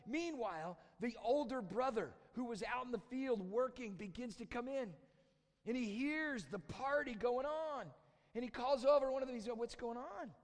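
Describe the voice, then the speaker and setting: A male pastor preaching a sermon in church, retelling a parable and acting out its voices, jumping from shouts to near-whispers. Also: extremely high pitch, moderate pace, big-room sound. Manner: storytelling, acting out quoted voices, swings from loud shouts to hushed near-whispers.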